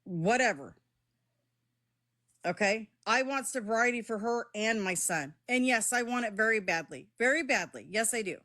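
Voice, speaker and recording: A woman's voice: a little high, animated, moderate pace, pushed and bright. A middle-aged woman live streaming from her phone, talking straight to her chat in a heated, defensive way and swearing as she goes.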